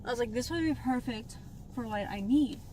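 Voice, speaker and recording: A woman's voice: on the high side, a little fast. Chatty young woman vlogging from her car. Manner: chatty, swears casually, rambling asides. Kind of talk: casual vlog chat while driving. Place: inside a car while driving. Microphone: phone mounted in the car. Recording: car noise clearly behind. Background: road and engine noise.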